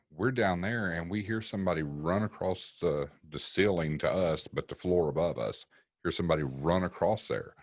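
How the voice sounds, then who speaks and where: Very deep-voiced man. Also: no echo, clean studio sound. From East Tennessee. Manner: profane, vivid storyteller acting out quotes. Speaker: paranormal investigator guest. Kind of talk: casual storytelling on a podcast.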